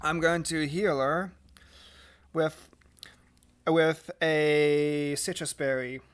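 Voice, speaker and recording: Slow talking player, smooth clear voice, stumbles over words, rules nerd. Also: mid-range voice, fairly even intonation. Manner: hesitant, many fillers and repeated words, nerdy and precise about rules. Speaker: tabletop game player. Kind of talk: casual tabletop play.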